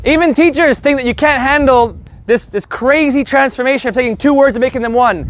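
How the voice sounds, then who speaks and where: A man's voice: extremely high pitch, fairly quick, a little hiss or hum. A man teaching a casual live Spanish group lesson, brash and joking, swearing casually as he explains.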